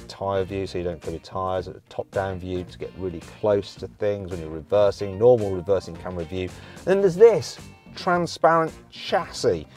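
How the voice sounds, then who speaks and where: A man's voice: lowish voice, darkish tone. Upbeat British man reviewing a car. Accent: British English. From English Midlands. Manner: upbeat, playful, chatty. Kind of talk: presenting a car review video. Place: in and around a car.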